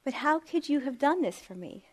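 A woman voicing a plain young girl in captivity, asking softly and in disbelief. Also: sits high, expressive, normal speed. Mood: bewildered.

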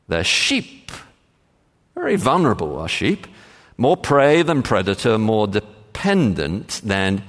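Man, pastor, sermon, slow deliberate delivery, lively rising and falling pitch, long hall reverb. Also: gravelly. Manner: measured, emphatic, frequent "uh" fillers.

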